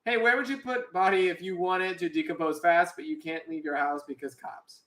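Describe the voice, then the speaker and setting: A man's voice: sits high, steady tone, a little fast, a bit bright, echoey room. A man streaming while drawing, chatting casually and playfully with his viewers and co-host. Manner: chatty, playful, talks to chat. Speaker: streamer and artist.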